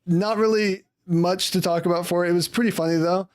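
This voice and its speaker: Casually discussing comics with friends, this male podcast co-host wanders from thought to thought and chuckles a lot. His voice sits high, his intonation stays fairly even, and he speaks briskly.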